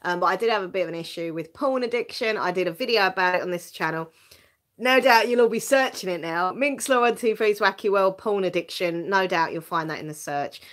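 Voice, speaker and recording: A woman's voice: medium pitch, fairly quick, fairly bright tone. Chatty Essex woman, laughs a lot. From England. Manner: chatty and self-mocking, laughs often, repeats words when starting sentences. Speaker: live stream host. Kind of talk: casual live stream chat reading viewer comments.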